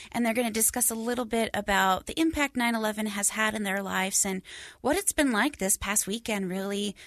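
A woman's voice: mid-range voice, creaky, a bit bright, no echo, studio quality. A woman, a podcast producer, giving a friendly introduction and prompting the hosts.

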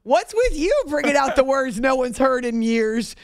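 Woman hosting late night sports radio, kinda high voice, giddy and tired, laughs a lot, dry studio sound. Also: lively intonation, moderate pace, dry recording. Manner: playful, laughs often, teasing. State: sleep-deprived, giddy. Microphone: studio mic.

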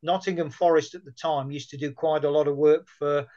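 A man's voice: fairly high pitch, fairly even intonation, a little fast, dark tone. Chatty man, muffled audio. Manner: chatty, anecdotal storyteller. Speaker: guest. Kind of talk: casual conversation.

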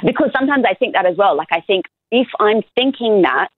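An Australian woman in her thirties chats on a podcast, her pitch leaping around as she tells stories. The sound is tinny and phone-like, dry and close, with no room around it. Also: fairly quick, dry recording. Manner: chatty, animated storytelling with laughs. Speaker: podcast co-host. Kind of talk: casual chat.

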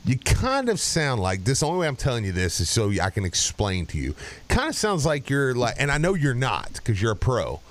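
A man's voice: medium pitch, huge pitch swings, fairly quick. A man co-hosting a casual sports talk show in a studio, chatty, laughing often, with many restarts. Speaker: sports radio co-host. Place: radio studio.

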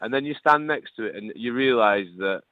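A man's voice: medium pitch, fairly quick, no room sound. A man in his late thirties with a Lancashire accent, a guest chatting on a radio show, jokey and prone to repeating words. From England. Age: 30s. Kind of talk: casual radio chat. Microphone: phone. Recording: tinny phone line.

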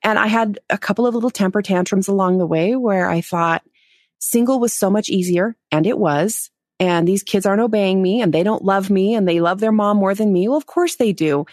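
A woman's voice: mid-range voice, a little fast, a little mellow, dry recording. Woman, interview guest, candid storytelling, self-mocking, laughs often, dry sound. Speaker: podcast guest.

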